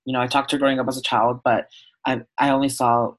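On poor audio, this podcast guest from Southern California talks fast in a medium-pitched, flat delivery. His interview is conversational and open, full of sincere storytelling and frequent "um"s and "like"s.

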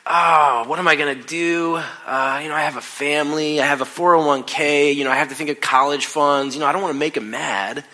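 A man's voice: a little high, fairly even intonation, fairly quick, few pauses, bright, forceful tone. A man voicing an anxious, cautious middle-aged male office manager who frets and rambles as he talks himself out of taking a risk. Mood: fretful. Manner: fretful, hesitant, rambling.

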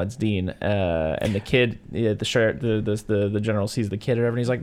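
Excitable man gushing about a film. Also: on the low side, fast, few pauses. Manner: enthusiastic, acts out quotes in voices. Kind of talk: casual movie discussion.

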